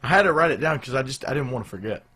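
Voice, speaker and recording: A man's voice: medium pitch, expressive, racing, bright, forceful tone, husky. A man co-hosting a live show, chatting casually in a rambling, jokey way with loose restarts. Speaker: podcast co-host.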